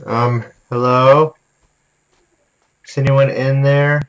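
A young man calmly commenting on his own gameplay, talking to himself with many "okay"s. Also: medium pitch, slow, low-quality recording. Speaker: gaming video host. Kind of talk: let's play commentary.

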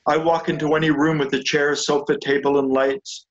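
A man leading an online study group, talking slowly and reflectively, often restarting his sentences, sometimes reading passages aloud. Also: on the high side, flat delivery, highs cut off, a little hiss or hum. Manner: slow, reflective, with frequent restarts. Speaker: group leader teaching spiritual ideas. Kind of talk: unscripted talk with read-aloud passages. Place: a room with chairs and a sofa.

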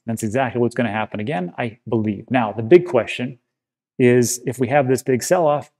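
A man's voice: mid-range voice, fairly quick, a little mellow. A man hosting a crypto channel, giving casual to-camera commentary in a conversational, reassuring way with frequent filler words.

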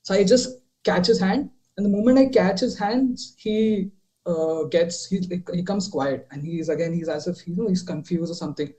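A man's voice: sits high, moderate pace, poor audio. A young man telling a ghost story on a video call, rambling with many fillers and restarts. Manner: rambling, many fillers and restarts, drops quieter while retelling.

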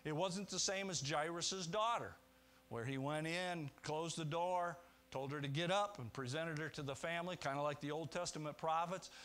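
At a moderate pace, a male pastor preaches an earnest sermon, shifting between quiet, low reflection and raised, emphatic points, posing rhetorical questions and restarting his sentences.

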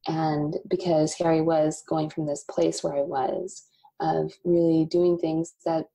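A woman in her thirties, a company founder and podcast guest, telling a candid personal story with bursts of laughter and animated asides. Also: deep voice, a little slow, creaky. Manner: emotional, laughs often, quotes God in animated asides.

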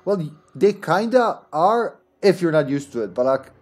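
A man's voice: on the high side, big pitch swings, measured pace. Joking male streamer over faint music. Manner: joking, laughs often, reads chat aloud. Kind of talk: casual live gameplay chat.

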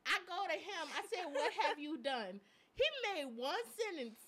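A woman's voice: sits high, expressive, moderate pace, fairly bright tone. A young woman co-hosting a live chat stream, telling stories in a chatty way with slang and frequent laughter. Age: young adult. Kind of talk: casual chat.

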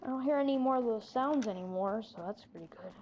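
High-pitched girl narrating a spooky game run, jumpy and breathless, bit of noise. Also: fast talker, a little mellow, muffled recording. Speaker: player acting out a scary game movie. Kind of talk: improvised game role-play narration.

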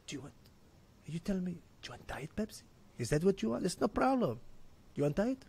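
A man voicing a pushy, fast-talking shopkeeper with a heavy put-on accent in an improvised comedy sketch. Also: high-pitched, very animated, creaky, mellow, slightly rough, full character voice. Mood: pushy salesy. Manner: heavily accented, pushy salesman patter.

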